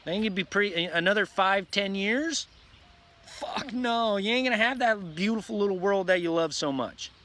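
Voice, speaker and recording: A man's voice: high voice, normal speed, bright, forceful tone. A man delivering an intense, profane, repetitive ranting vlog monologue, preaching at his viewers. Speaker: vlogger.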